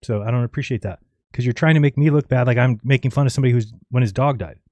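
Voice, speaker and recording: A man's voice: medium pitch, rapid-fire, a little mellow, no echo. A man hosting a live call-in show, talking in a blunt, scolding, conversational way. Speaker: host.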